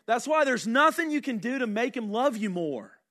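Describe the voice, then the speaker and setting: Bright-voiced man preaching a sermon. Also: extremely high pitch, sing-song, moderate pace. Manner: earnest, conversational preaching with rhetorical questions. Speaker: senior pastor.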